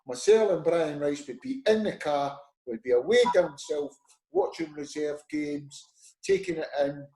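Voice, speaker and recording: Animated Scottish man with a dark voice. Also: on the high side. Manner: animated anecdotes, acting out quoted voices. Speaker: former football manager, guest. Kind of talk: conversational storytelling. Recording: roomy echo.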